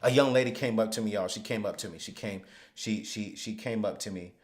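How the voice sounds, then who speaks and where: A man hosting a live finance webinar, speaking emphatically and repeating phrases, sometimes dropping to a hushed storytelling voice. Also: on the low side, a little fast. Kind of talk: live motivational money teaching.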